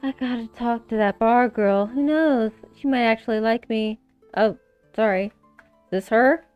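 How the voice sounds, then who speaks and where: A woman's voice: fairly high pitch, a little slow, clean tone, no echo, lo-fi sound, faint music behind. A young woman streaming a text game, reading and reacting in a giggly, self-mocking way. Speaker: gaming streamer.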